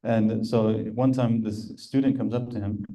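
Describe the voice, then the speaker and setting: Guy giving a class, low mellow voice, chatty storytelling with little laughs. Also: steady tone, moderate pace, poor audio. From United States. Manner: conversational, chuckles while telling stories. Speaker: religious teacher. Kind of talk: storytelling lecture.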